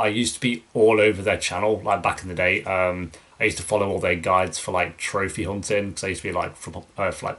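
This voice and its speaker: A young man with a deep, low voice hosts a relaxed Q&A. He rambles through viewer questions, loose and chatty, restarting his sentences and filling gaps with "um" and "like". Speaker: YouTube reaction channel host. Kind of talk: casual Q&A, reading viewer questions.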